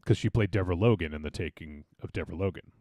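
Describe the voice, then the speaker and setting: Podcast host, male, deep, casual rambly chatter, dry mic. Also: rapid-fire, darkish tone, no room sound. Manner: rambling, many fillers and restarts. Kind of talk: casual film discussion.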